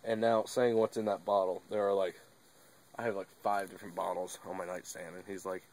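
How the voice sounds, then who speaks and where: A man's voice: sits low, flat delivery, a little fast, a little mellow, a little hiss or hum. A young man talking casually to his camera, rambling and laid-back, with lots of fillers and the odd curse word. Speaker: vlogger. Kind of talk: casual monologue.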